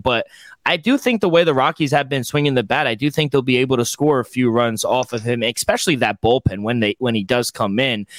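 A man's voice: mid-range voice, fairly bright tone, no echo. A man co-hosting a sports betting podcast, confidently and matter-of-factly running through his picks and stats. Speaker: podcast co-host, betting analyst.

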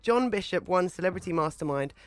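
A man hosting a radio interview, asking quiz questions in a brisk quizmaster manner. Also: sits high, animated. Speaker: radio show host.

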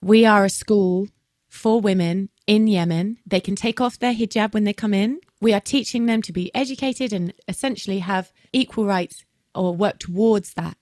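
A woman's voice: medium pitch, moderate pace, a little mellow, no echo, studio quality. A woman hosting a casual interview, telling stories animatedly and acting out the people she quotes. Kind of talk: casual interview chat and storytelling.

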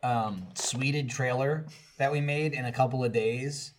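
A man chatting casually on a group podcast, animated and laughing often, swearing freely. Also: medium pitch, a little slow, a little hiss or hum. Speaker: podcast regular. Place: office studio.

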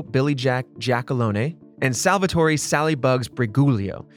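A man hosting a podcast, telling a true-crime case in a casual, chatty way and acting out quotes. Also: a little high. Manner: conversational storyteller, acts out quotes. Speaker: podcast host.

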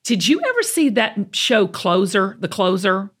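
A woman from the American South with a Southern accent, hosting a podcast in an animated, folksy, chatty way. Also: mid-range voice, measured pace. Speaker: podcast host. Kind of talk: casual chat.

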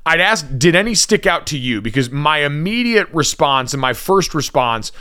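Male sports podcast co-host, lively up-and-down delivery, playful and teasing. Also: fairly high pitch, moderate pace, smooth. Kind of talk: casual sports chat.

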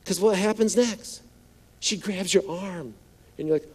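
Mellow-voiced man preaching conversationally. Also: sits high, measured pace. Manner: conversational, playful asides, acts out quotes in hushed voice. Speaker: pastor. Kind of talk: sermon.

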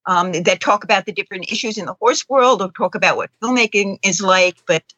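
A woman speaking as a guest on a radio talk show, upbeat and eager to promote her event. Her voice is bright and forward. The sound is dry, with little room around it. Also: medium pitch, fairly quick, slightly rough, no echo, low-quality recording. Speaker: film festival director, radio guest. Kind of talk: radio interview.

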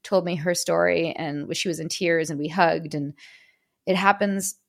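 A woman's voice: on the low side, fairly even intonation, measured pace, vocal fry. A woman speaking as a guest in an interview, candid and emotional, often restarting her sentences. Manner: frequent restarts and fillers. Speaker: podcast guest. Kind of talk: casual interview talk.

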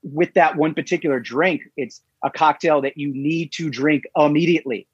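Husky guest with dull lo-fi sound. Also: male voice, fairly high pitch, normal speed, dry recording. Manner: relaxed storytelling, laughs easily. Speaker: podcast guest. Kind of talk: casual chat.

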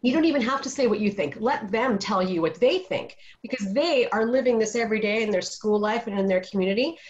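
A woman's voice: mid-range voice, animated, fairly quick, darkish tone. A middle-aged woman on a video call, telling a parenting story in an earnest, casual way. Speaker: panelist. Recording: dull lo-fi video call audio.

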